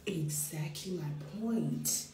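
A tipsy young woman chats to her viewers, giggling and sliding into playful whispers. Her voice sits on the low side, picked up by a phone in an echoey bedroom. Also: slow, warm tone. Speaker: social media personality. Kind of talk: casual livestream chat. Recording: echoey room.

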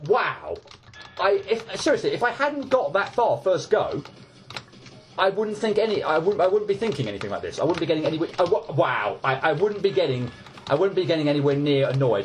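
A man giving casual gameplay commentary, ranting in exasperation and stumbling over repeated restarts. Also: mid-range voice. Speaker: let's play gamer.

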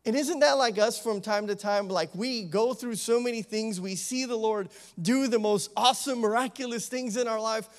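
Man, associate pastor, very high voice, conversational sermon, animated, lots of amens. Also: normal speed, hardly any pauses. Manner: conversational preaching with frequent "you know" and "amen"; animated, acts out the disciples' pleading.

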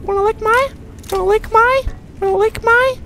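Man doing a shrill falsetto little girl. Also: steady tone, normal speed, pushed and bright, a little hiss or hum, full character voice. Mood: whiny. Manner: squealing falsetto, repeated whines. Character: shrill mock little girl, whiny and silly.

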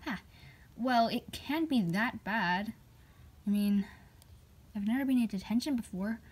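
A woman's voice: a little high, measured pace, darkish tone, breathy edge. A woman voicing a nervous young doll student who sighs and frets about going to detention. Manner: anxious, sighing, worried.

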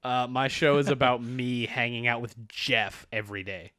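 A man's voice: mid-range voice, moderate pace, bright, forceful tone, clear, resonant tone, no echo. Young man, podcast co-host, laid-back and profane, dry close mic. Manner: laid-back, swearing, laughs often. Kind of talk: casual chat.

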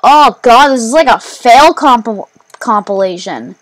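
A woman giving let's play commentary while gaming, excitable, rambling and quick to mock herself. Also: fairly high pitch. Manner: excitable, self-mocking, rambling. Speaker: gamer.

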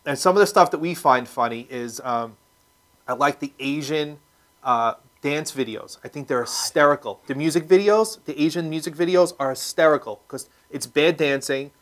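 A man's voice: a little high, normal speed, fairly bright tone. A man hosting a casual talk show, rambling with lots of fillers and restarts. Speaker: host. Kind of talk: casual chat.

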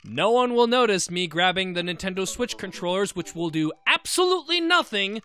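A man narrating and joking through a dating game with goofy, animated commentary. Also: sits high, fairly quick. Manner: goofy, animated, jokey asides. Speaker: let's play gamer. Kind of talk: gameplay commentary with read-aloud narration.

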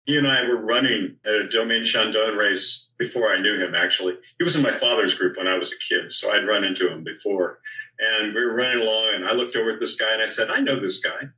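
An older man with a lowish but bright voice tells easygoing wine stories as a podcast guest. He sits a little back from the mic in an echoey room. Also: fast talker, distant mic. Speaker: winemaker guest. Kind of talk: relaxed storytelling in conversation.

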